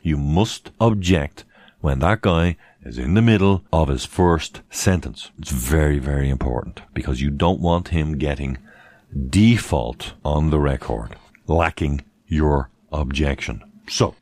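Man with a very deep, dry-recorded voice; emphatic casual explainer with mocking asides. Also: expressive, moderate pace, a little mellow, no echo. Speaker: presenter giving legal advice. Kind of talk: casual instructional monologue.

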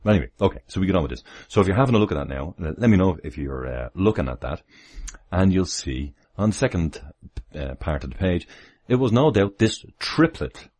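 A man hosts a casual livestream from home. His voice sits extremely low, with a husky, breathy edge. He rambles through asides and chuckles often as he talks. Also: animated, fast, darkish tone. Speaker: livestream host. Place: home, near the kitchen.

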